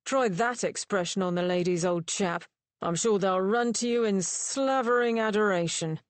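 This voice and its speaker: A woman's voice: medium pitch, moderate pace, no echo, natural voice. A woman voicing a surly, drunken young male rake who sneers and insults everyone around him. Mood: mocking.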